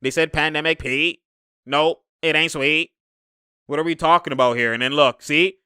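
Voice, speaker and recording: Sports commentator, male, bright and clear, excitable and slangy, dry close mic. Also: a little high, normal speed, no room sound. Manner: excitable, laughs often, slangy, shouts at players. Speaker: sports commentator breaking down game film. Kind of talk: casual game breakdown commentary.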